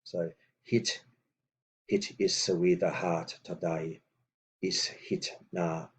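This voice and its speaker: A man teaching a lesson, reading out phrases slowly and deliberately, with hesitant fillers between explanations. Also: deep voice, level tone, slight background noise. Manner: slow and deliberate on old words, with hesitant fillers. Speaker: language teacher. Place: room with books on a table.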